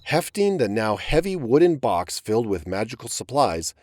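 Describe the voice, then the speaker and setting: Animated male storyteller, dry close sound. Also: mid-range voice, normal speed, dry recording. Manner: expressive storytelling reading. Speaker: narrator. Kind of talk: dramatic audiobook narration.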